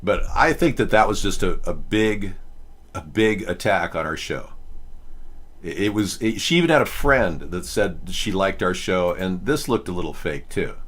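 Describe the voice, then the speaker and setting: Rambling low-voiced male show host. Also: animated, moderate pace, fairly bright tone, breathy edge. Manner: rambling, full of fillers and restarts. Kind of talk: casual chat on a live video show.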